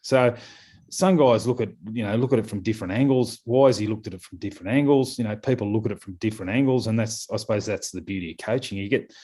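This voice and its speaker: A middle-aged man with an Australian accent talks in a casual podcast interview. His voice sits fairly low. He rambles and circles back, with plenty of fillers and repeated words. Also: fast talker, warm tone, husky. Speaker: guest, scrum coach.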